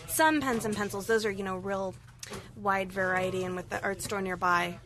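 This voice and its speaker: A woman's voice: medium pitch, moderate pace. Bantering comic store owner woman. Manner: lively, bantering, laughs. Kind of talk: casual chat.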